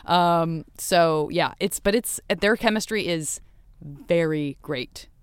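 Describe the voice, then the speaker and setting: A woman hosting a podcast interview, chatty and playful, quick to laugh. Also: lowish voice, clear, resonant tone, no room sound. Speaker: podcast host. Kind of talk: casual interview chat.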